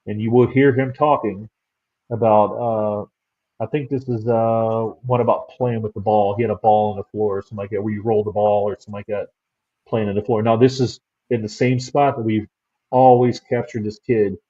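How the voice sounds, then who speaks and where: A man's voice: lowish voice, little pitch movement, moderate pace, slightly rough, highs cut off. A man who investigates the paranormal, telling rambling stories as an interview guest. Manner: rambling storyteller. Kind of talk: casual interview chat.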